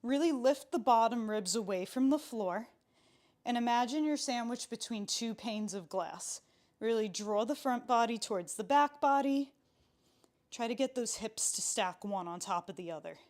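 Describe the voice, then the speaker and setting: A woman's voice: on the high side, expressive, normal speed, a little mellow. Chatty young woman leading a pilates class. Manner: chatty and playful, counts reps aloud, laughs often. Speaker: pilates instructor. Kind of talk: live workout instruction.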